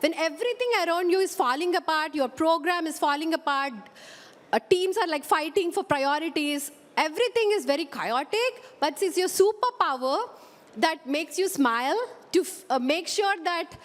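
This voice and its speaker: A woman in her forties giving an energetic, chatty lightning talk at a conference, acting out her younger self in quoted asides. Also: very high voice, moderate pace. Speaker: conference speaker. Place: conference hall. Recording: long hall reverb.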